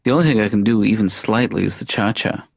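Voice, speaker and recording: A dry, husky cartoon therapist. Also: male voice, on the low side, fast, dry recording. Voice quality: soft, deadpan delivery. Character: mild, dry middle-aged male therapist. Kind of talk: animated sitcom dialogue. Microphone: dry studio mic.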